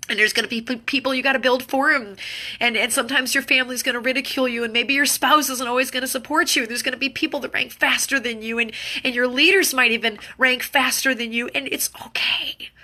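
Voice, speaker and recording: Middle-aged woman, fervent motivational team leader, gravelly edge and bright tone. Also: a little high. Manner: fervent, pleading, repetitive pep talk. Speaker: network marketing team leader. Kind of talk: motivational training talk.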